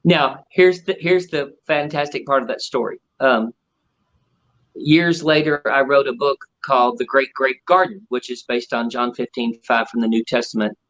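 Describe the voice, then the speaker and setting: Animated storytelling man, muffled audio. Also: mid-range voice, normal speed. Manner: animated storyteller acting out quotes. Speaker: ventriloquist guest. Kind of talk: storytelling interview.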